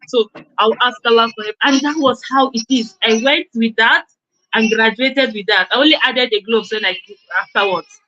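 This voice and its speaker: Halting woman on a dull dry line. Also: on the high side, fairly bright tone, dry recording. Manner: halting, repeats words while searching for them. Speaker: guest speaker. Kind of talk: testimony in a live conference talk.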